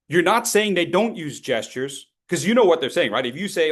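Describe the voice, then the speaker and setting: A man teaching as a speech coach, lively and playful, acting out his students and throwing in sound effects. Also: a little high, a little fast. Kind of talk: lively training talk.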